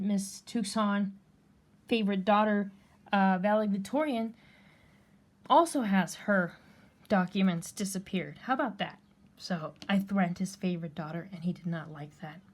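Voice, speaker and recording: A woman's voice: medium pitch, darkish tone. A woman telling a personal story in a blunt, heated, profane rant, speaking straight to the camera. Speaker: vlogger.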